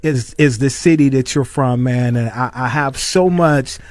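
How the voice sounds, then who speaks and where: A man's voice: mid-range voice, a little slow, a little mellow, no echo. A man from Chicago hosting a radio interview, effusive and peppering his talk with "man". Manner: effusive, says "man" often. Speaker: radio host. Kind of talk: interview questions.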